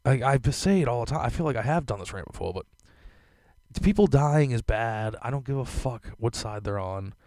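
This young podcast host talks fast with few pauses in a medium-pitched, darkish voice. He's on a casual rant, profane and rambling, loaded with filler words. The recording is dry.

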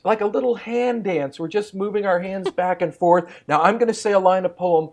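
A man's voice: high voice, a little mellow. Man leading a poem line by line. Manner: slow rhythmic line-by-line recitation, laughs easily. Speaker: poet demonstrating poetry sessions. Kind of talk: warm guided demonstration. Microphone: remote call.

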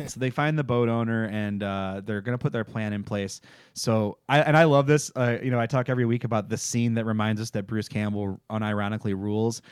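Man, podcast host, casual TV recap, excitable, swears a lot, dry close sound. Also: lowish voice, fairly quick, smooth, no echo. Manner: enthusiastic, profane, laughing often.

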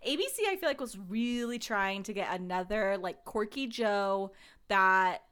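A woman's voice: mid-range voice, lively intonation, unhurried, fairly bright tone, clean tone. A woman co-hosting a casual podcast, giggly and gossipy, with frequent swearing. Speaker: podcast co-host. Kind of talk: casual chat.

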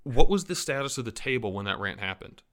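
A man's voice: mid-range voice, animated, quick pace, a bit bright. A man co-hosting a podcast, talking casually and hesitantly with plenty of fillers. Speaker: podcast co-host.

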